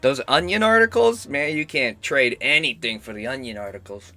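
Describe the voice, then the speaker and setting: A sick young man with a hoarse, cracking voice and a cough, chatting casually and swearing while he streams a game. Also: medium pitch, expressive, moderate pace, sharp tone, soft background music. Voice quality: rough, cracking voice. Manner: rambling, self-mocking, swears often. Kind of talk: casual gaming stream chat.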